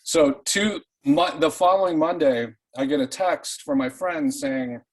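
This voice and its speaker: A man in an online reading group telling a true story in a casual, animated way, swearing freely and often restarting his sentences. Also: fairly high pitch, measured pace, hardly any pauses, low-quality recording. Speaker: participant.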